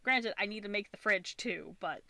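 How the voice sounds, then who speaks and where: Bright, slightly husky woman streamer. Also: medium pitch, moderate pace, no room sound. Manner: chatty, laughs often. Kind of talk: casual chat while crocheting. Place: upstairs room at home.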